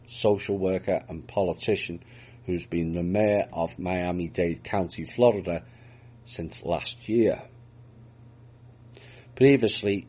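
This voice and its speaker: A man's voice: low-pitched, warm tone, husky. A man reading out news reports and adding dry, mocking remarks of his own between the items. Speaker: news commentator.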